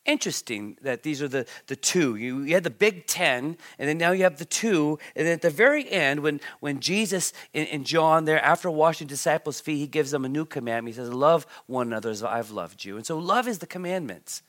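A man preaching a sermon as a pastor, reading scripture and asking the congregation questions, with emphatic bursts and quiet asides. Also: on the high side, animated, brisk, hardly any pauses. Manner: emphatic, swings between loud stresses and quiet asides, repeats words.

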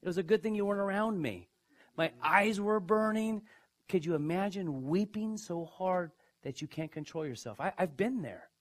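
A man preaching a sermon, emphatic, who asks his listeners questions and swings from hushed to loud. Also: normal speed. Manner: emphatic, dramatic swings in pitch and loudness. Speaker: pastor.

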